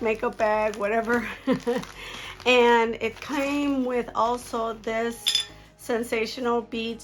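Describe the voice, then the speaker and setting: A woman with a hoarse voice from a cold, chatting casually and upbeat as she unboxes a craft kit for her viewers at home. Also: mid-range voice. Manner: chatty, upbeat, with light laughs. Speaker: jewelry-making vlogger.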